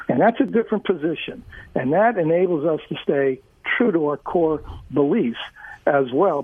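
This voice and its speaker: A man's voice: a little high, husky, no room sound. A man in his sixties, a food company founder, talking earnestly as an interview guest with many fillers. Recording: dry tinny phone-like line.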